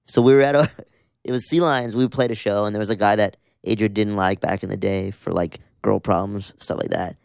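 A man in his thirties from Southern California tells a rambling story in a casual chat, thick with fillers and swear words. His voice is smooth and clear, and the recording is close and dry. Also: lowish voice, fairly even intonation, a little fast, dry recording. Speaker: musician guest.

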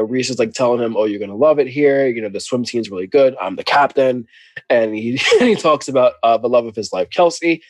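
A man's voice: medium pitch, no room sound. Dry-voiced man recapping a book. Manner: animated storyteller, laughs often. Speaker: podcast co-host. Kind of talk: casual book recap chat.

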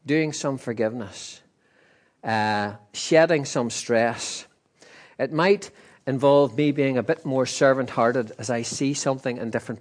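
A man preaching a sermon in a conversational, emphatic way with asides. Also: medium pitch. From Northern Ireland. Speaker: pastor.

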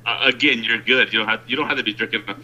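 A man's voice: medium pitch, steady tone, rapid-fire, sharp tone, dull audio. A man in casual chat, teasing his friend with dry wisecracks.

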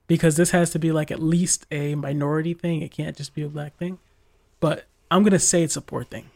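A man's voice: a little high, a little mellow. A young man who works school tech support, chatting casually and telling exasperated stories about callers. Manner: exasperated storytelling, quotes callers in mocking voices. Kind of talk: casual podcast chat.

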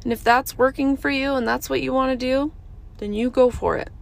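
A woman's voice: high-pitched, steady tone, a little fast, gravelly. A woman in her thirties hosting a casual monologue, earnest and emphatic, repeating short phrases. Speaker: podcast host.

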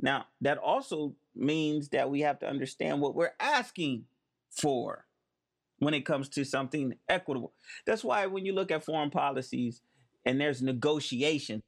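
A man's voice: on the high side, normal speed, vocal fry. A man hosting a spoken commentary, talking emphatically and stressing key words. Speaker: host. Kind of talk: monologue commentary.

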